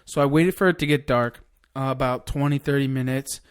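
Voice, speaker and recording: A man telling a long hunting story in casual podcast chat, excited and cursing freely. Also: medium pitch, a little fast, smooth. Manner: excited, swears a lot, rambling hunting story. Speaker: podcast guest.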